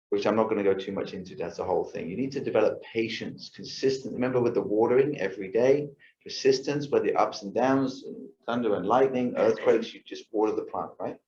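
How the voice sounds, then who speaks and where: A fairly low, darkish male voice, with slight background noise, delivers a casual lifestyle talk to a yoga class. Chatty and checking in with "right?", he acts out his own thoughts. The yoga studio recording has a roomy, dull lo-fi quality.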